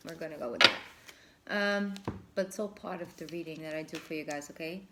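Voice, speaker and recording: A woman's voice: deep voice, fairly quick, heavy background noise. A woman giving a casual tarot reading, effusive and thinking aloud, often breaking into laughter. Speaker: tarot reader.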